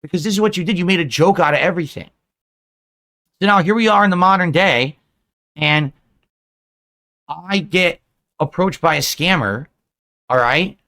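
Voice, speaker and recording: A man's voice: fairly high pitch, moderate pace, pauses often, sharp tone. A man streaming, delivering a self-pitying, lecturing monologue to his viewers.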